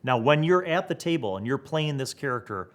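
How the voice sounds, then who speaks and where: Excited man musing to camera. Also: medium pitch, brisk. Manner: excited, thinks aloud, rhetorical questions. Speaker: tabletop gaming video host. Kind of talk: animated solo talk to camera.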